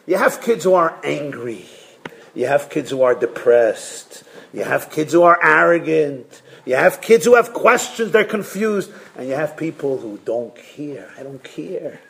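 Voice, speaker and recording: Rabbi guy preaching, slightly high voice, lively storyteller, acts out bits. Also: unhurried, vocal fry. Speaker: rabbi giving a Torah class. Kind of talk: sermon.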